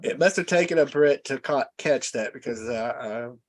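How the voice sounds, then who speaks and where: A man's voice: mid-range voice, normal speed. Guy hosting a chat show, medium voice, gushing like a fan about the guest. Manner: enthusiastic fan, prompting and complimenting the guest. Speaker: host. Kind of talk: casual interview.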